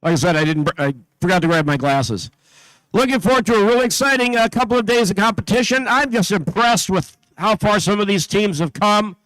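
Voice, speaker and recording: A man with a notably high voice reads out team after team at an event venue, working through a list at a steady pace with small slips and asides along the way. His voice sounds dry, with hardly any room around it. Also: a little fast, no echo, low-quality recording. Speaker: event announcer. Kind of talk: announcing teams at a competition.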